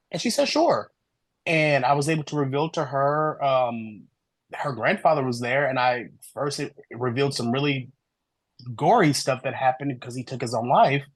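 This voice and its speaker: A man guest on a podcast interview, telling his story in an animated way and acting out the dialogue he quotes. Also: mid-range voice, dry recording, low-quality recording. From American Midwest. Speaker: guest, human design reader.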